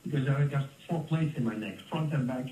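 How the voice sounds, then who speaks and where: Dutch man, fifties, storytelling guest, lively, heard from a distance in a roomy space, faint ambience. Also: medium pitch, fairly quick, slight background noise. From Netherlands. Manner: animated, laughs often, restarts words. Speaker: interview guest, former fighter. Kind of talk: casual storytelling interview.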